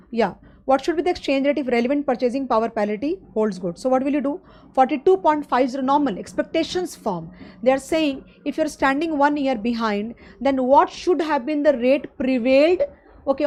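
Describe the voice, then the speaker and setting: A high-pitched woman with an Indian English accent teaching exam finance in a live online class. She explains each step plainly and keeps checking in with her students as "guys." Her voice sits well above most women's. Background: loud drums of a street festival.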